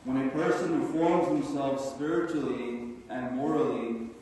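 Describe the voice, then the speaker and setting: Earnest male speaker at a symposium, measured oratory, recorded from far off in a roomy hall. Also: medium pitch, fairly even intonation, mellow, a little hiss or hum. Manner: measured, earnest oratory with a slow deliberate rhythm. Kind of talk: formal prepared speech.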